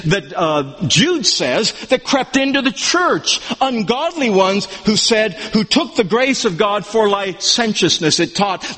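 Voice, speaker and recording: A man preaching an expository sermon, emphatic and animated, swinging between loud declarations and low asides. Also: slow, hardly any pauses. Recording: long hall reverb.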